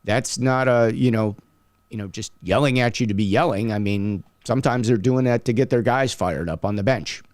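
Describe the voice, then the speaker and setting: A man's voice: fairly low pitch, moderate pace, no room sound. A man co-hosting a hockey referee talk show, giving advice in a casual, conversational way with lots of fillers. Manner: conversational, many fillers, animated when quoting people. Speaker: podcast co-host, hockey referee.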